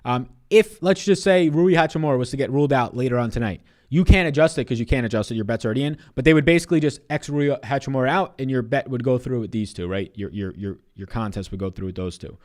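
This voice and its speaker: A young sounding man in his twenties runs a live stream of fantasy basketball picks. He talks loosely and swears freely, reading out questions from the chat and answering them on the spot. His voice sits at an ordinary middle pitch for a man. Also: quick pace, few pauses, darkish tone. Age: 20s.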